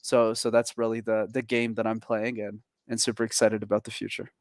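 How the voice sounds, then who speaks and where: A man's voice: on the low side, level tone, a little fast, no room sound, studio quality. A young man guesting on a podcast as a communication coach, talking in an eager, upbeat way and laughing easily. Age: young adult. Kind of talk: casual interview chat.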